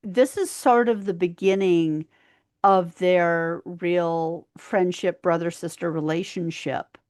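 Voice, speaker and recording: A woman co-hosts a podcast and chats casually about a sitcom episode, sharing her opinions. Her voice sits a little low, and the recording is close and dry. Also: fairly even intonation, slow pace, darkish tone, no room sound. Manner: chimes in and finishes her co-host's lines, gives her own opinions. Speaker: podcast co-host.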